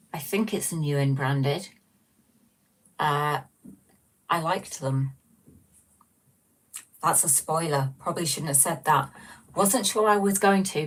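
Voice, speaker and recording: Woman, low voice, slightly distant mic, small room, chatty self-mocking livestream host. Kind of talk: casual livestream chat reading viewer comments.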